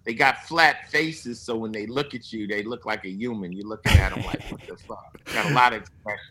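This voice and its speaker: Bright-voiced, swearing storyteller man. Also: lowish voice, fairly quick, rough recording. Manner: profane, animated storyteller quoting others. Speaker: guest musician. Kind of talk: casual interview chat.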